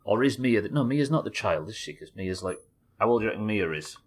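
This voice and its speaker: A man's voice: lowish voice, expressive, fast talker. A British man commenting on a horror game as he plays it live, musing aloud, reading notes and chatting with viewers. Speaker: streamer.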